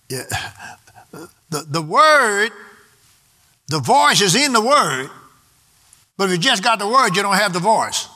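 A man's voice: sits high, big pitch swings, takes it slowly, pauses often, pushed and bright. A man preaching a sermon emphatically and calling out to the congregation for responses. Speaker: pastor.

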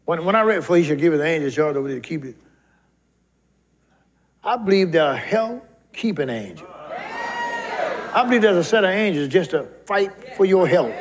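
A man preaching a sermon, fervently reading and shouting scripture lines. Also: high voice, a little hiss or hum. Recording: live church crowd behind.

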